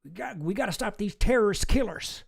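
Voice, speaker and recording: A man's voice: high-pitched, lively intonation, fairly quick, gravelly, slightly rough, pitched above the performer's own voice, exaggerated voice. A man putting on a folksy, cocky middle-aged male president with a drawl, tongue-tied and mangling old sayings. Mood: blustering.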